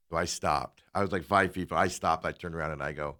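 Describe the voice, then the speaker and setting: A man's voice: sits low, fast talker. Man telling a story animatedly. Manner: animated, acts out quoted people while telling a story. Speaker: co-host. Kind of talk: casual storytelling on a talk show.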